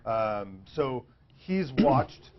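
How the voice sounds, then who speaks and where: A man hosting a training talk speaks about his guest in a relaxed, casual way. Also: medium pitch, extremely slow. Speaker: trainer and host. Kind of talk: casual introduction. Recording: muffled sound from off-mic, faint noise.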